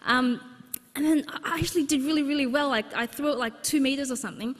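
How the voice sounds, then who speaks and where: A woman's voice: high voice, quick pace. A woman giving a humorous, anecdotal personal talk to a live audience, with plenty of fillers. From Australia. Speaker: speaker at a book launch. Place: large exhibition hall, live audience. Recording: long hall reverb.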